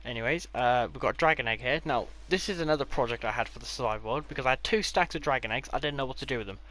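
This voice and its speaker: Man, casual game build tour, rambling, dry sarcastic asides, mid-pitched voice. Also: very fast, fairly bright tone. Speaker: gaming creator.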